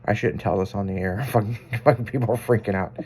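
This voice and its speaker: A man's voice: lowish voice, quick pace, a little mellow, slightly rough. Profane rambling radio host, man. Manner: rambling, profane, self-amused anecdotes. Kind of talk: casual on-air storytelling.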